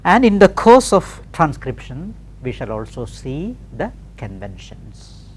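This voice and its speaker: A male teacher leads a classroom pronunciation lesson at an unhurried pace. His voice moves up and down in a lively way as he repeats words over and over for practice, checking in with "okay" between them. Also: on the high side, slight background noise. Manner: slow and deliberate, repeats words for practice, often says "you know" and "okay". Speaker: English teacher.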